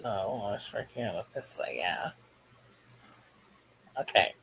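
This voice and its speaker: A man's voice: lowish voice, very animated, slow pace, gravelly, fairly bright tone, slight background noise, poor audio. A man hosting a crochet livestream, chatting casually and jokily while reading the live chat aloud as he works.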